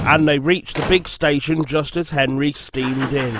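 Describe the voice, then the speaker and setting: A man narrating a storybook in a slow, measured reading. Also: a little high, steady tone. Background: background music.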